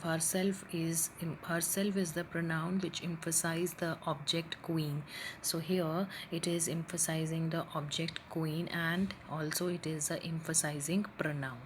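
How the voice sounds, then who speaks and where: A woman teacher walks through a grammar lesson in a somewhat low voice. She explains step by step and checks in often with "right?" and "okay". A faint hiss of noise sits under the recording. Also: little pitch movement, a little slow.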